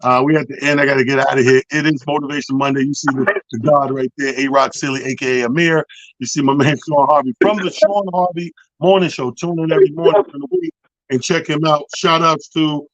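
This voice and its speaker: A man, a comedian hosting a casual comedic radio chat, loud, profane and animated. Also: on the high side, fairly quick, no echo, highs cut off. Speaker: comedian and show host.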